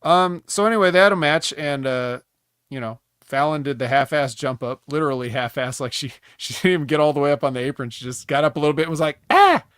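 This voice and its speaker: A man's voice: a little high, fast, a bit bright, smooth, no echo. A man co-hosting a wrestling review podcast, recapping matches in a dry, joking, rambling way. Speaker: wrestling show co-host. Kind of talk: casual podcast chat.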